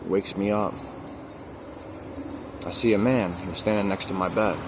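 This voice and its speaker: A man's voice: low-pitched, steady tone, normal speed, heavy background noise. A man candidly telling a personal story to camera, repeating phrases for emphasis and swearing now and then. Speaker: recovery vlogger.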